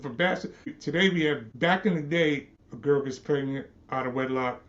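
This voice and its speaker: A man with a slightly high voice rants scornfully on his podcast, swearing and repeating himself. The sound is dull and lo-fi. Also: moderate pace, a bit bright. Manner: profane, repetitive, scornful ranting. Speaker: podcast host. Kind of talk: ranting monologue.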